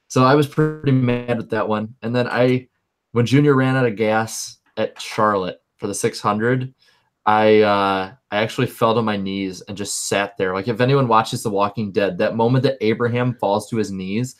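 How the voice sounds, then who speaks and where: A young man with a fairly low voice co-hosts a casual podcast. He rambles in bursts, repeating words as he gets worked up, then drops quieter when the story turns glum. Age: young adult. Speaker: podcast co-host. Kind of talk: casual chat.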